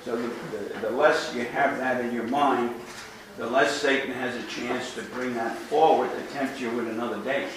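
A man's voice: medium pitch, steady tone, normal speed. An older man from New York City with a New York accent, a priest giving an earnest, informal talk to young people and repeating words as he goes. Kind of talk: informal talk to a youth group. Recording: echoey room from far off with background noise.

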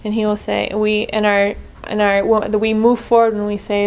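A woman's voice: mid-range voice, monotone, moderate pace, darkish tone. A woman leading a group prayer reflection in an earnest way, often restarting and correcting herself mid-sentence. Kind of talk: spoken reflection on scripture.

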